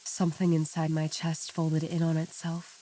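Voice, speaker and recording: A woman reading a first-person horror story aloud in a measured, somber storytelling manner. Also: deep voice, monotone, dark tone, slight background noise. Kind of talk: scripted narration. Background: faint background music.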